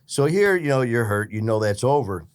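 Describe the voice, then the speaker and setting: A man's voice: medium pitch, expressive, moderate pace, clear, resonant tone. A man hosts a casual podcast interview in an easy, conversational tone. He walks back through his guest's story before steering to the next question. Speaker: podcast host.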